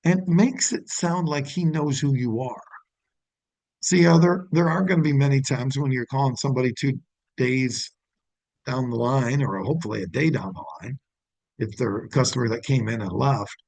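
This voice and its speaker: Gravelly, husky-voiced male sales trainer. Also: medium pitch, moderate pace, a little mellow, no room sound, poor audio. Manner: demonstrates phone greetings in an upbeat voice.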